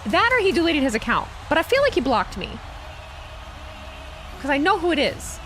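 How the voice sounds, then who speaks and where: A woman's voice: high voice, sing-song, normal speed, fairly bright tone, a little hiss or hum. A young woman chatting casually on a live stream, sarcastic and talkative, reading chat messages aloud.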